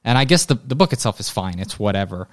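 A man's voice: lowish voice, expressive, fast. Easygoing man telling a parenting story. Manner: easygoing, rambling anecdotes. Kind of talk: casual chat.

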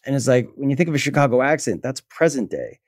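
A man's voice: medium pitch, big pitch swings, quick pace, dry recording, studio quality. Rambling man telling a story. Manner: rambling storyteller, acts out quotes. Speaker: actor guest. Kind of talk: casual chat.

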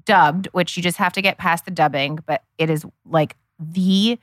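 Middle-aged woman, podcast co-host, enthusiastic, chatty, slightly low voice, dry sound. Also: fairly even intonation, normal speed, no echo. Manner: enthusiastic, chatty, addresses listeners as guys. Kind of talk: casual chat.

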